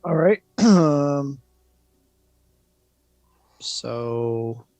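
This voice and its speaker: A man's voice: medium pitch, animated, very slow, mellow, no echo. A man playing in a tabletop game, talking casually and hesitantly, thinking aloud with ums. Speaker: player.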